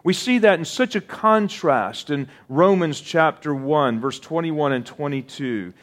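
Slow, deliberate preaching man. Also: fairly high pitch, animated. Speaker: pastor. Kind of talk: sermon.

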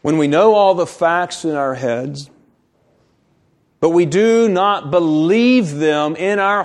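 A man with a fairly high voice preaches a sermon. He reads scripture aloud and explains it verse by verse, slowing down to press on key words. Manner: slows down to stress key words. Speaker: pastor.

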